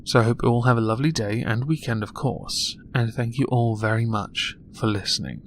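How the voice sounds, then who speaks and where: A young man speaks in an English accent, his voice sitting at an ordinary middle pitch. He delivers vlog commentary in a dry, mocking, self-deprecating way. A faint hiss runs under the recording. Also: a little fast. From England. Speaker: YouTube commentator.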